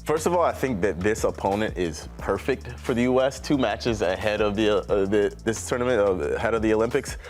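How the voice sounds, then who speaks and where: A man's voice: on the low side, brisk, hardly any pauses, soft background music. A man analyzing soccer on a panel show, emphatic and repeating himself as he builds his points. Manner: emphatic, repeats words and restarts often. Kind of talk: sports panel discussion.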